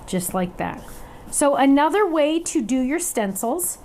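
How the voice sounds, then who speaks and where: A woman leads a live online craft demonstration, talking viewers through each step in a chatty, upbeat way. Her voice sits fairly high, and she laughs at herself as she goes. A faint hiss runs under the recording. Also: very animated, unhurried, darkish tone. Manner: chatty and upbeat, talks to viewers while working; laughs at herself, playful sound effects. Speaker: craft class instructor.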